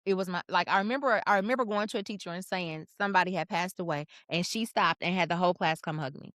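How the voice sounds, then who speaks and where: Woman, podcast co-host, casual storytelling, animated, bright tense voice. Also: fast talker, no room sound, clean studio sound. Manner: animated, expressive, jumps in pitch for emphasis.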